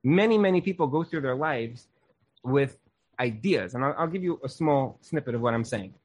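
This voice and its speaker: A man's voice: mid-range voice, animated, moderate pace. A young man teaching a Torah class in an earnest, casual way, often saying "like". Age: young adult.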